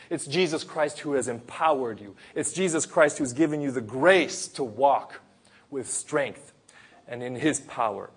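A man preaching a sermon, retelling a Gospel story in an earnest, storytelling way with pauses and sudden emphasis. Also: mid-range voice, slightly rough.

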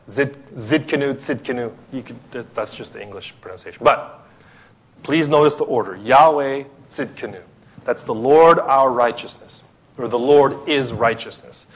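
A man preaching a sermon to a small group in a small room, swinging from emphatic, rising lists to low, soft asides. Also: husky. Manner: builds to excited, emphatic lists, then drops low and soft. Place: small room with few listeners.

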